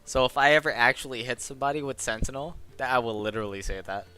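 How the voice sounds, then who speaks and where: A man's voice: medium pitch, quick pace, pushed and bright, clean tone. A man talking through his game character with lots of hesitations and fillers. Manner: hesitant, filler-heavy musing. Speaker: tabletop game player. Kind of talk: casual chat between players.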